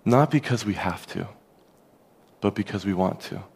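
A man preaching a sermon as a pastor, earnest and conversational, dropping softer on key phrases. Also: deep voice, moderate pace, gravelly, slightly rough.

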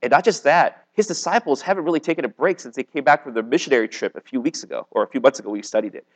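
A man's voice: mid-range voice, rapid-fire, poor audio. A man, likely a youth pastor, preaching a casual sermon to a young live audience in a conversational way, with lots of "like" and "okay?". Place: meeting room with a live audience.

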